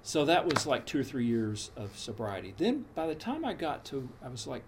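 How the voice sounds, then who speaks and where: A man's voice: medium pitch, sing-song, moderate pace, a little hiss or hum. A man in his sixties telling a frank personal story in a casual, meandering, reflective way. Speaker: storyteller recounting his path to meditation.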